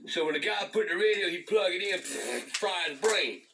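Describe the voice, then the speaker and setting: A man's voice: sits high, normal speed, background noise. An older man, telling a long profane story to camera, stumbling over repeated words and cursing constantly. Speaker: storyteller, channel host.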